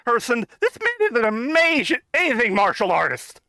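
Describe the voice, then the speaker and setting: A co-host riffing a film in casual commentary, excitable, repeating words and talking back at the screen. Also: medium pitch, normal speed, no room sound, studio quality.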